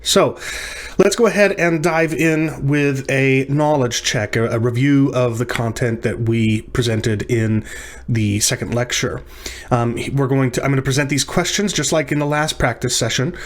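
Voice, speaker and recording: A man's voice: medium pitch, moderate pace. Man teaching a recorded language lesson. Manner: explanatory, repeats terms with small restarts. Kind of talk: recorded lecture practice session.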